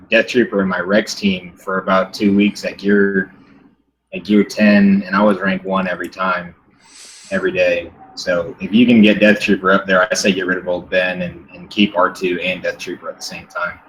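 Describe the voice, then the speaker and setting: A man's voice: deep voice, little pitch movement, normal speed, fairly bright tone, a little hiss or hum, low-quality recording. A man on a gaming panel, explaining strategy and often restarting his phrases. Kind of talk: gameplay advice on a panel.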